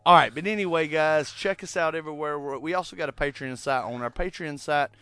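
Laid-back, bright-voiced male podcast host. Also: fairly high pitch, a little fast, clean tone, no echo, soft background music. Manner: laid-back, swears casually. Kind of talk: casual podcast chat.

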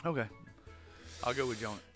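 A man's voice: medium pitch, fast talker, soft background music. A man co-hosting a casual chat, eagerly retelling favorite scenes and quoting the characters. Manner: animated storyteller who retells scenes with quoted voices.

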